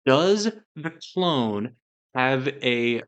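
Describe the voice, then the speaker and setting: A man's voice: medium pitch, expressive, extremely slow. Podcast co-host, male, loose and rambling, lots of filler words, chatty discussion. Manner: rambling, heavy with "like" and "you know".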